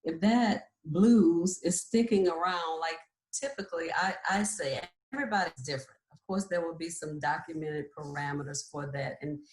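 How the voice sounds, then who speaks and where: A woman in her forties, a nurse practitioner, earnestly explaining and sharing her own story, often checking in with "right?". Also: sits low. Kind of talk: candid personal storytelling. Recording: roomy echo.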